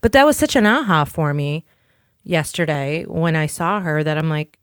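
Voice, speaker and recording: Low-voiced woman telling a candid story. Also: expressive, moderate pace, no echo, clean studio sound. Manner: candid, rambling storyteller who swears offhandedly. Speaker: podcast co-host. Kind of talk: casual chat.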